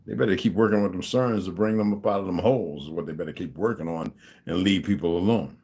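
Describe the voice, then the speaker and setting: A man's voice: low voice, fast, gravelly, a little mellow, slightly rough. A man hosting a livestream, talking in a casual rambling monologue and acting out the people in his stories. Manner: storytelling, acting out quoted dialogue. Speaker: livestream host.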